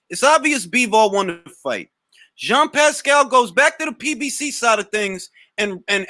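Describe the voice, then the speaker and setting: Male boxing show host, high-pitched and very expressive, blunt and slangy, reads out chat comments. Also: no room sound. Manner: animated, blunt, slangy, swears. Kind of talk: live Q&A reading chat comments.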